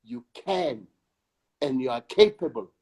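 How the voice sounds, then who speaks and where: South african guy talking slow, kinda husky, repeats himself to hammer a point. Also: mid-range voice, big pitch swings, warm tone. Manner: slow, emphatic, repeats words for weight. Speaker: actor and director, interview guest. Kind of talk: reflective conversation.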